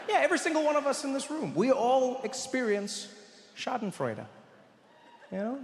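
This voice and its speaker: A man doing stand-up comedy on a live stage, telling an animated story and acting out the voices of other people. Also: extremely high pitch, fast, vocal fry, big-room sound.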